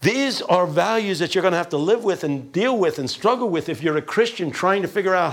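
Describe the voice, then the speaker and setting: Lecturer, animated delivery with lively pitch swings and a gravelly edge, rhetorical questions. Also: male voice, brisk, few pauses. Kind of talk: classroom lecture.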